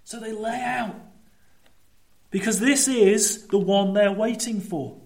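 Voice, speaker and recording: Animated high-voiced male preacher in echoey church. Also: slow, creaky. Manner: animated, swings between lively storytelling and low emphatic asides. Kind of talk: sermon.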